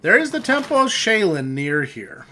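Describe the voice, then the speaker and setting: Slow, easygoing male game master. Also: high voice, slight background noise. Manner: relaxed, chuckling, thinking aloud while reading rules. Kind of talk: narrating a tabletop game.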